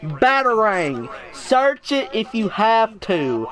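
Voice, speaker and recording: A man's voice: high voice, expressive, a little slow, fairly bright tone. A man hosting a casual gaming vlog, exasperated and dragging out words as he drills a pronunciation. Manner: exasperated, drags out words to teach them. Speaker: gaming video host.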